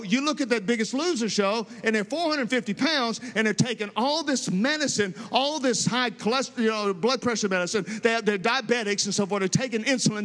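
A middle-aged man, a pastor, preaching a sermon in a church, telling stories in an emphatic, animated way. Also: extremely high pitch, in a large hall. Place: church sanctuary.

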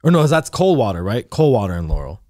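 Profane, animated man telling a story. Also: fairly low pitch, fast, dry recording, clean studio sound. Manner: profane, animated storyteller acting out quoted voices. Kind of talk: casual storytelling chat.

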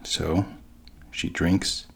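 A man casually retelling a story in an unhurried, halting way. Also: fairly bright tone.

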